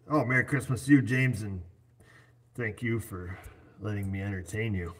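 Livestream host, man in his 40s, lowish husky voice, chatty and jokey. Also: moderate pace, pauses often. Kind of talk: casual livestream chat. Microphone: computer set up on his screen.

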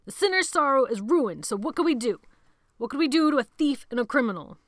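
A woman voicing a menacing teenage boy who leads a gang, shouting commands and then dropping to a cold hiss. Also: medium pitch, lively intonation, moderate pace, no echo, clean studio sound, lightly acted. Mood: furious.

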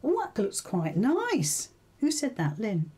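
A woman's voice: medium pitch, wildly swooping pitch, slow, mellow, breathy edge. A woman hosting a live sewing tutorial, chatting casually, thinking aloud and asking her viewers questions.

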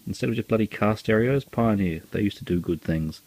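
A man casually talks through his recent film purchases, relaxed and chatty with lots of ums and uhs. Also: fairly low pitch, fairly quick, no echo. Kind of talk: casual video review.

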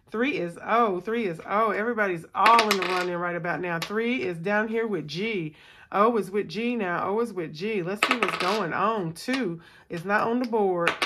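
Heavy noise fills the recording as a woman with a medium-pitched voice hosts her budgeting video. Tired after a long workday, she counts aloud and chats casually with viewers during a savings game at home.

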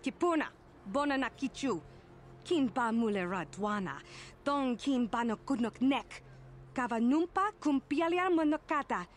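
Brief: a high-voiced alien merchant chattering in a made-up tongue. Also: female voice, moderate pace, slight background noise. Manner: steady alien-language chatter.

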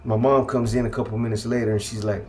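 A middle-aged man from California telling his life story in casual talk, heavy on street slang and "you know what I mean," often dropping into a quieter, hushed delivery. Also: on the low side, level tone, fast, slight background noise.

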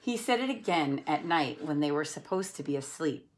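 A woman reading a children's picture book aloud, telling the story in an expressive storytelling way. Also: deep voice. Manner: expressive, unhurried storytelling with voiced characters. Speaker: storybook reader.

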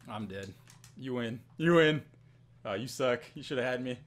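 A young man giving excited commentary on his own gameplay, swinging from muttering to yelling and laughing. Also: medium pitch, moderate pace. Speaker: gamer.

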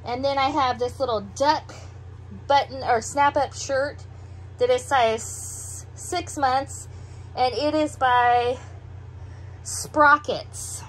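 A middle-aged woman with heavy breathing after a meal, chatting in an unhurried, musing way as she shows off a clothing haul at home. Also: high voice, fairly even intonation, slight background noise. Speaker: doll collector showing a clothing haul. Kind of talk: casual show-and-tell vlog.

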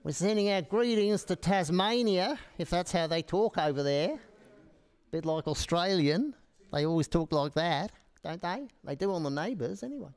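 A man's voice: sits high, animated, moderate pace, a little mellow, clear, resonant tone. A man, joking and chatting playfully as a performer in a live demonstration. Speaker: green screen performer.

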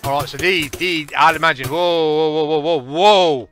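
A man, casually and excitably commentating a game, joking and laughing at his own jokes. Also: on the high side, normal speed, no room sound, faint music behind. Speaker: gaming channel host.

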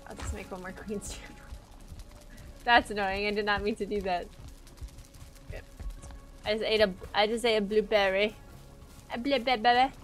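A woman's voice: mid-range voice, flat delivery, normal speed, pauses often, fairly bright tone, faint music behind. A woman live-streaming a game, thinking aloud in a chatty, playful, teasing way. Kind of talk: live-stream gameplay chat.

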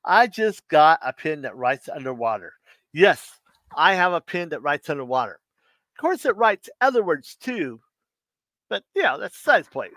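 A man hosting a live stream, reading out dad jokes in a relaxed, easygoing way and laughing at his own punchlines. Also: fairly high pitch, measured pace, no echo. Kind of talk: casual live stream joke telling.

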